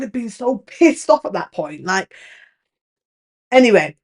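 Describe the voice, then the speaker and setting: A woman in her thirties with a British accent, hosting a podcast in frank, animated casual chat, swearing freely and acting out what others say. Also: mid-range voice, measured pace, long pauses. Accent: British English. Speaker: podcast host.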